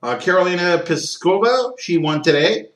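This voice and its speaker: Bright-voiced man hosting a sports podcast. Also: high-pitched, expressive, moderate pace, roomy sound. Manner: opinionated, ranting, frequent throat-clearing and fillers. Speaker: podcast host. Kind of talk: solo sports talk podcast.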